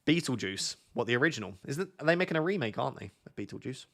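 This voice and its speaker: This is a young man, chatting into a desk mic during a live stream. He speaks at a middle pitch and keeps the tone loose and jokey, often restarting lines as he thinks aloud. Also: big pitch swings, fast talker, vocal fry. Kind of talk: live stream chat with viewers.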